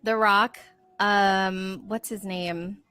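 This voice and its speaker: A woman's voice: mid-range voice, fairly even intonation, extremely slow, sharp tone, clean tone, no echo. A woman co-hosting a casual live show, easygoing and laughing along with her co-host. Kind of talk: casual live-stream chat.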